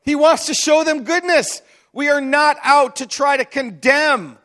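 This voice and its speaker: A man's voice: extremely high pitch, measured pace, bright, forceful tone. A man preaching a sermon as pastor, in a chatty, conversational way with frequent asides and restarts.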